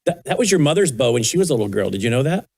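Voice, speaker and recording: Older man coaxing a toddler, lively. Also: mid-range voice, rapid-fire, no echo. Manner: soft coaxing baby talk. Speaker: host. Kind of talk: casual chat with a toddler on air. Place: broadcast studio at a news desk.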